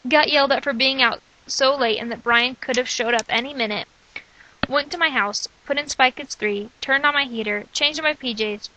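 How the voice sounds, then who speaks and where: A woman in her twenties reading her old diary letters aloud in short, steady clipped phrases. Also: a little high, low-quality recording. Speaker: vlogger.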